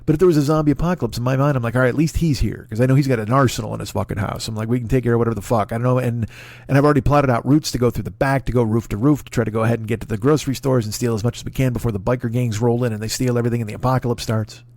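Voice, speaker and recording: A man's voice: mid-range voice, steady tone, rapid-fire, darkish tone, no room sound. A man comedian with an American accent doing a rambling, profane comic rant. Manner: profane, rambling, riffing with impressions. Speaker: comedian host.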